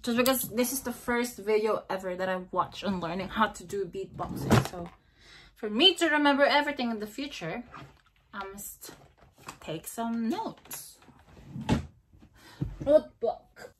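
A woman's voice: fairly high pitch, animated, unhurried, long pauses, background noise. A woman vlogging casually and talking to herself, hesitant, repeating beatbox syllables over and over.

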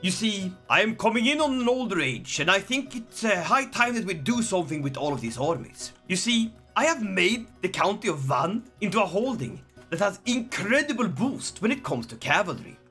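A man giving jokey, excitable gameplay commentary, breaking into sudden shouted outbursts. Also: high voice, moderate pace, hardly any pauses, faint music behind. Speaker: gaming video creator.

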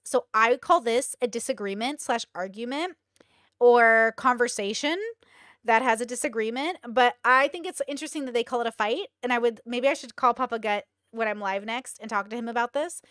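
A young woman hosting a reaction stream, talking in a chatty, animated way. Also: a little high, dry recording, clean studio sound. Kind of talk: casual reaction commentary.

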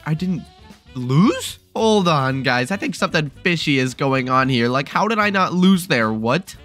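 A young man giving excited, exclamatory commentary over a video game, often repeating himself in bursts. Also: mid-range voice. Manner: hyper, exclamatory, repeats phrases rapidly. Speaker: gaming YouTuber.

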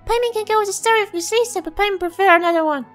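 A tiny, bubbly fairy companion , as a woman puts her on, chirps in a very high, squeaky voice and calls herself by her own name. The lines are read as a fan voice-over of game dialogue. Soft game music plays faintly behind her. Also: very fast. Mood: chirpy. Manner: speaks of herself in the third person, bubbly.

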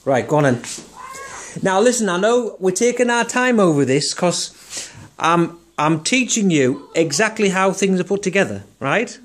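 A man's voice: sits high, animated, normal speed. Patient man teaching piano. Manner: patient and encouraging, keeps checking with "right?". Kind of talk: casual music lesson. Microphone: phone camera.

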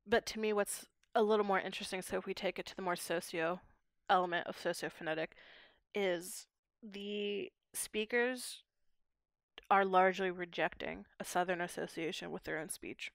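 A woman's voice: fairly low pitch, fairly even intonation, moderate pace, no echo, clean studio sound. A young woman from Pittsburgh, a linguistics PhD student explaining her research in a podcast interview, articulate and academic. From Pittsburgh, USA. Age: young adult.

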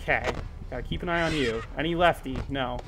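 A man streaming a horror game live, muttering to the on-screen threats and breaking into panicked shouts. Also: medium pitch, a little fast, noisy background.

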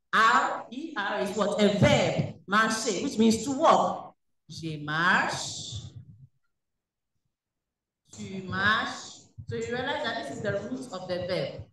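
Recorded from a video call in an echoey room, a woman with a mid-range, fairly bright voice leads a French class, posing questions and supplying the answers herself. She sits away from the mic, and there's a bit of background noise.

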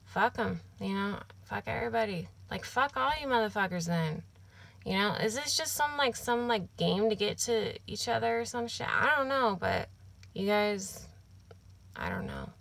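A young woman with a gravelly, fry-laden voice rambles straight to camera from her apartment. She vents in loose, filler-heavy run-on talk, swearing freely. Her pitch sits in an ordinary middle range for a woman. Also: big pitch swings, moderate pace, fairly bright tone.

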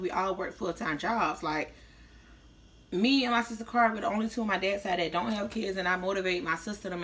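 A woman talks to her viewers in a loose, slangy mukbang chat. She chews between lines and sounds a little slurred. Her voice is bright and forceful, with a middle pitch. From Tampa, Florida, US. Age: 30s. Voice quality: slightly slurred speech after orthodontist visit. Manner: slangy, chatty, talking while eating. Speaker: vlogger. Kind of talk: casual mukbang vlog chat.

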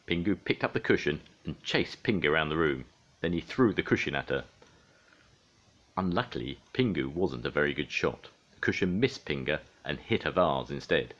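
Older grandfather storyteller, deep, very animated read-aloud. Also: normal speed. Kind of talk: reading a children's storybook aloud.

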